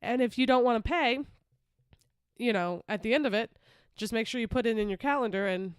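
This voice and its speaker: A woman co-hosts a podcast, chatting casually and emphatically. Her voice sits a bit high and sounds smooth and clear. The recording is dry and close to the mic. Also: fairly quick, no echo. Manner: chatty, emphatic, laughs often. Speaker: podcast co-host. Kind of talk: casual chat.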